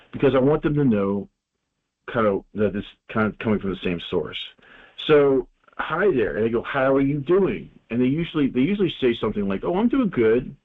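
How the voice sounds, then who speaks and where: A man talking casually as an interview guest, rambling with many restarts and fillers. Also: mid-range voice. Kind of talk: casual phone-in interview talk. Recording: tinny phone line.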